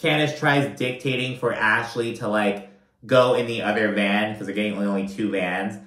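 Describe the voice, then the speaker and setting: A man giving a casual, profanity-laced reality TV recap, animated and full of filler like "you know what I mean.". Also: on the low side, normal speed. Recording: roomy echo.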